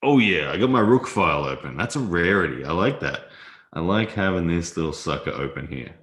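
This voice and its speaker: A man's voice: low-pitched, lively intonation, a little fast, a bit bright. A man hosting a casual live stream, chatting loosely while he plays chess, laughing often and reading viewer comments aloud. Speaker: livestream host. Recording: roomy echo.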